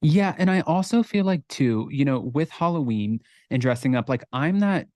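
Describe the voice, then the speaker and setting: A man co-hosting a podcast in a casual chat, relaxed and candid, rambling a little as he talks. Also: on the high side, normal speed, no room sound. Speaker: podcast co-host.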